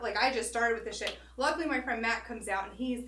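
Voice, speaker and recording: Woman co-host, fairly high voice, blunt profane storyteller, miked from a distance. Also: quick pace, few pauses, pushed and bright, reverberant. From Northeast Philadelphia. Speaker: podcast co-host. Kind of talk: casual chat, storytelling.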